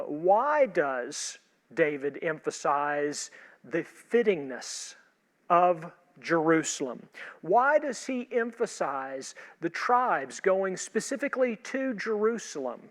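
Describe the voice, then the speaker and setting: A pastor talks through an upcoming sermon in a steady, measured way, stacking one rhetorical question on another. His voice sits a bit high for a man. Long reverb trails after each phrase, as if recorded in a large hall. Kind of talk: sermon preview talk.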